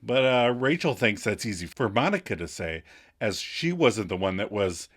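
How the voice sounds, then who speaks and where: A man's voice: on the low side, big pitch swings, normal speed, a bit bright. A man co-hosting a podcast, recapping a TV episode in casual chat, laughing often and adding wry asides. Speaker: podcast co-host.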